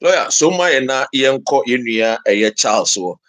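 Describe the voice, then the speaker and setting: A man's voice: mid-range voice, animated, a little slow, fairly bright tone, no echo. A man co-hosting, passing questions to the lawyer and adding short interjections. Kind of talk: casual moderation.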